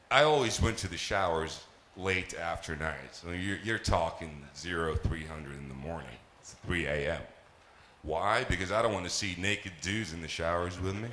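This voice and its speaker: A male stand-up comedian from Palestine, telling stories on a live stage in an animated, profane way. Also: deep voice. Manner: animated, profane, laughing through his lines. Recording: echoey live venue.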